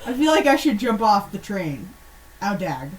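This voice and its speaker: A woman's voice: medium pitch, very animated, normal speed, natural voice. A woman voicing a weird, dramatic boy who writes silly letters, melodramatic and cackling. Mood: frantic. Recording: distant mic, faint background hum.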